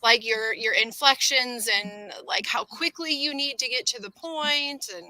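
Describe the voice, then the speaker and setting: Woman, sharp piercing tone, a bit high-pitched, podcast co-host, explains with ums and repeats. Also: measured pace, no room sound, poor audio. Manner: explains with fillers and repeated words. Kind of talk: casual chat.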